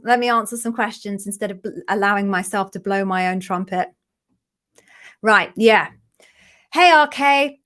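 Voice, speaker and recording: A woman hosting a live question-and-answer stream, chatty and encouraging, openly emotional as she answers viewers. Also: medium pitch. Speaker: livestream host, interview coach.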